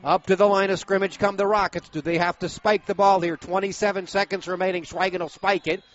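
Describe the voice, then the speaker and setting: A man calling high school football play-by-play, brisk and steady, bursting into shouts on big plays. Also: muffled recording. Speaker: play-by-play announcer.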